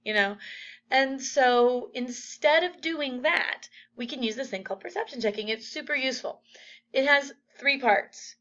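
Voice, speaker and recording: A woman's voice: high-pitched, unhurried, a bit bright. A woman teacher giving a casual recorded lecture, with lots of fillers. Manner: casual, chatty, many fillers. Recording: dull lo-fi audio.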